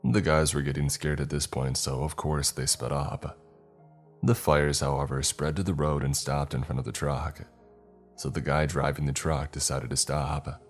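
A man with an extremely deep voice reads a first-person horror tale. He keeps an even, measured storytelling pace throughout. Faint music plays quietly underneath. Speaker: narrator. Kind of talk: scripted horror story narration.

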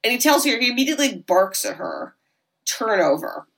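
A woman co-hosting a podcast, casually recapping a horror film in a chatty way with many quick asides. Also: on the high side, lively intonation, gravelly, a bit bright. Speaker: podcast co-host.

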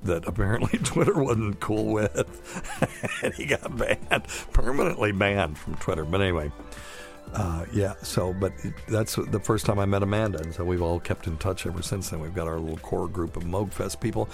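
A man's voice: sits low, animated, normal speed, vocal fry, over music. A man hosting a casual live-stream podcast, chatting loosely and joking with chuckles. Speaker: podcast host.

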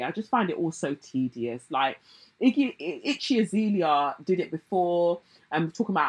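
Husky woman, blunt and sarcastic. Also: fairly low pitch, sing-song, normal speed, poor audio. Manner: blunt, sarcastic, mocks others in put-on voices. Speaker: commentator. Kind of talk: casual pop-culture commentary.

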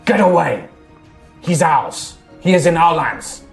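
Man doing a hostile wild elf, gruff barking voice, thick accent, raised and pushed, faint music behind. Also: fairly high pitch, lively intonation, takes it slowly, pitched above the performer's own voice, full character voice.

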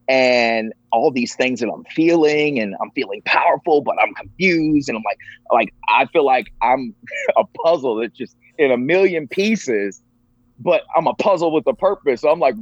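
A man's voice: medium pitch, animated, normal speed, husky, no echo. A man sharing a personal story as a podcast guest, earnest and emotional. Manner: earnest, emotional, acts out quoted voices. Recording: dull lo-fi, dry.

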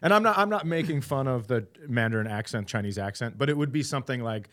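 A man's voice: medium pitch, lively intonation, fast, few pauses, fairly bright tone. A man co-hosting a comedy podcast, riffing playfully and spinning absurd tangents. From Minnesota, United States. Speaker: podcast co-host. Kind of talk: casual comedic chat.

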